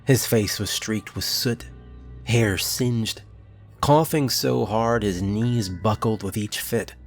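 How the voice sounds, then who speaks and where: Slow, low-voiced male horror narrator. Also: soft background music. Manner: slow, measured storytelling.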